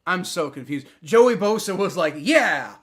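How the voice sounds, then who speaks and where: A man giving excitable live play-by-play reactions to a football game, swearing and repeating himself often. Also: on the high side, moderate pace.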